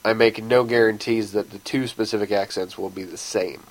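A man's voice: fairly low pitch, fairly even intonation, normal speed, rough recording. A man co-hosting a podcast in casual chat, dry, sarcastic and pedantic. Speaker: podcast co-host.

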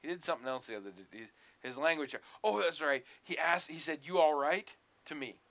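A man chatting on a podcast with a bright, forceful voice. He rants in an animated, profane way and swings into mock outrage as he tells a story. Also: on the high side, fast. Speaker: podcast co-host. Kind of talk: casual chat.

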